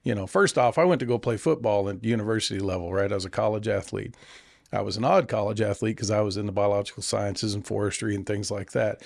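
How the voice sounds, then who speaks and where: A middle-aged Californian man, CEO of a conservation nonprofit, speaks earnestly and self-deprecatingly as a guest in a casual interview. His voice is lowish and creaky, recorded in studio quality with no echo.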